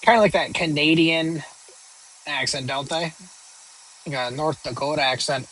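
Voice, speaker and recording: A man's voice: fairly high pitch, normal speed, a bit bright, slight background noise, poor audio. Rambling joking streamer man. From northern United States. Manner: rambling, joking, with many fillers and restarts. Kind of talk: casual live-stream chat reading viewer questions.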